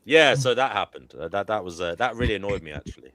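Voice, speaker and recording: A man telling a casual anecdote in a group chat, pausing and hesitating. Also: fairly low pitch, lively intonation, crowd noise.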